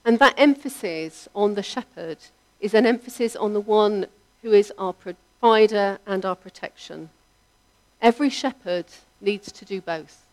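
Woman giving a sermon, slow and thoughtful, lets her sentence ends fade away. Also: medium pitch. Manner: measured, reflective delivery with softly trailing line ends. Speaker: preacher.

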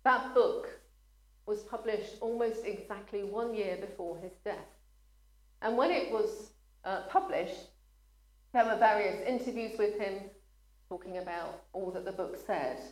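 A woman preaching a sermon, speaking earnestly and at times choking up and apologizing. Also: medium pitch. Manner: earnest, gets emotional and pauses to apologize. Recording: echoey room.

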